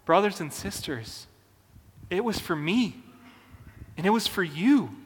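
High-voiced preacher in a big hall. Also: male voice, big pitch swings, breathy edge. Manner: earnest, deliberate preaching with emphatic pauses. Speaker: pastor. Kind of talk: sermon.

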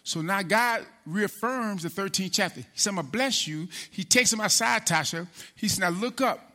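A man preaching a sermon as pastor, animated, calling out to the congregation and acting out biblical figures. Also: high-pitched, moderate pace. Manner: animated preaching with call-and-response; acts out biblical figures in quoted speech.

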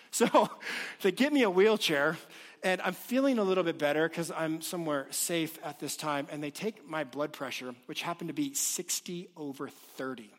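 A man in his late thirties preaching a sermon, telling a personal story in an animated, self-deprecating way. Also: a little high, normal speed. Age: late 30s. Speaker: pastor. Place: church auditorium with congregation.

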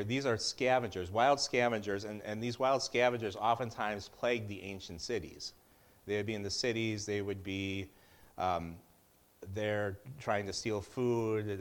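A middle-aged man giving a casual Bible teaching in a conversational way, with joking asides and frequent restarts. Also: fairly low pitch.

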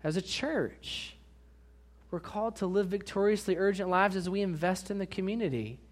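High-voiced pastor preaching with emphatic swings. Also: male voice, normal speed. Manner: asks the congregation questions. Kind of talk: sermon.

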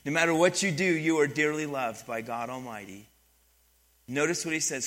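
A middle-aged pastor delivers a lively sermon at a medium pitch and a slightly quick pace. He drops to a hush, then builds back up, frequently posing questions to the congregation.

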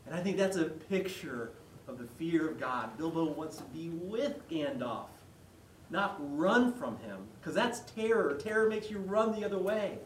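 A male pastor giving a conversational sermon, retelling a story with lively quoted voices. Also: a little high, unhurried, slight background noise. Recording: echoey hall, mic far off.

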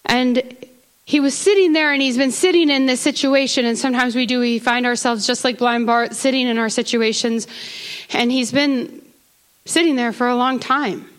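A woman with a high voice preaches a sermon to her congregation. She talks to them casually at times, then builds to passionate, urgent appeals. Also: fairly even intonation, moderate pace. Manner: rises to impassioned crying out; conversational asides to the congregation. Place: church sanctuary.

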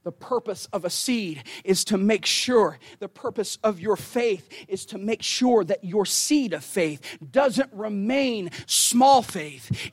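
A man preaching a sermon in a conversational way, building to shouted emphasis and dropping to near whispers, with casual asides and repeated words. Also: sits high, expressive, takes it slowly, no echo.

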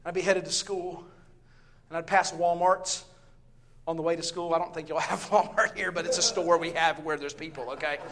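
A middle-aged man from the American South with a Southern accent, preaching a sermon in church, loud and storytelling, swinging from shouted lines to quiet asides. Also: fairly high pitch, steady tone, normal speed, very noisy. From Southern US, Texas.

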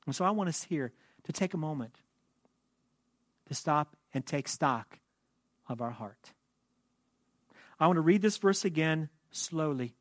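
A man preaching a sermon as pastor, speaking in a measured way that slows into hushed, prayerful reading. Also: on the high side, lively intonation, dry recording, studio quality.

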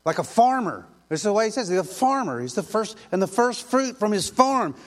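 High-voiced preaching man. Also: sing-song, fairly quick. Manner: emphatic and repetitive, with rhetorical questions. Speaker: pastor. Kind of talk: sermon.

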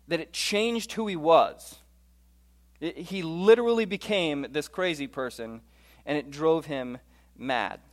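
Man, 30s, higher voice, conversational presenter, audience questions. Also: a little slow. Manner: asks the audience questions and says "okay" often. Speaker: speaker addressing a live audience.

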